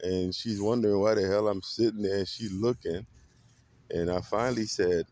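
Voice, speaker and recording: A man with a very low voice recounts a story straight to the camera. He talks casually and dramatically, acting out the quotes and leaning into every twist. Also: normal speed, no echo. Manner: animated, dramatic retelling with acted quotes. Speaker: vlogger.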